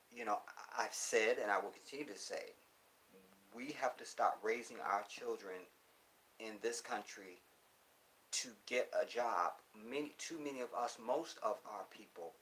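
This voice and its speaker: A male livestream host in loose, casual chat, answering viewer comments with blunt profanity. He lectures in emphatic bursts and keeps checking in with his audience, with a voice of middling pitch for a man. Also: fairly bright tone. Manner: preachy, keeps checking in with the listener.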